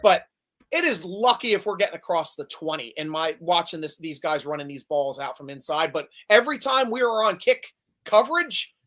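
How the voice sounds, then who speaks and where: A man talking football casually as a podcast guest, animated and telling stories, often stammering and repeating words. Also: on the high side, moderate pace. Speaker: podcast guest, Steelers fan. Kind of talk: casual sports chat.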